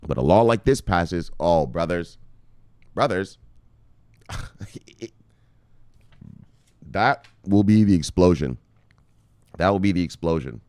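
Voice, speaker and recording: A man from Canada vlogs about crypto news in a low, lively voice that leaps up and down as he gets worked up. He swears freely, repeats phrases and calls his viewers brothers. The sound is dry and close, with no room echo. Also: slow, long pauses, smooth. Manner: excitable, profane, repeats himself, addresses viewers as brothers. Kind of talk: animated profane crypto commentary.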